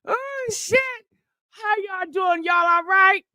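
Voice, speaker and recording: Sassy high-voiced woman hosting a livestream. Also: slow, no room sound, studio quality. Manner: sassy, animated, greets viewers and laughs often. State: short of breath. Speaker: livestream gossip host. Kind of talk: casual livestream chat.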